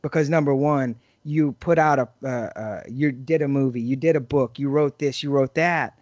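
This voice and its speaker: Here a middle-aged man co-hosting a podcast speaks at a normal speed and medium pitch, chatting casually and bringing his anecdotes to life by acting out what people said. The recording is dry with the highs cut off.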